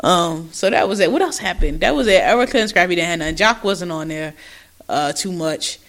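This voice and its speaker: A woman co-hosting a podcast, recapping a show in loud, laughing, profane gossip. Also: fairly low pitch, expressive, a little fast. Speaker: podcast co-host. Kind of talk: casual recap chat.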